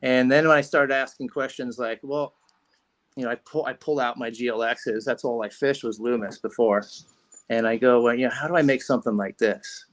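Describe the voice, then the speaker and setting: A man's voice: medium pitch, fairly even intonation, brisk. A man being interviewed on a podcast, telling a rambling story with lots of restarts and fillers. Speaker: podcast guest, fishing rod company founder.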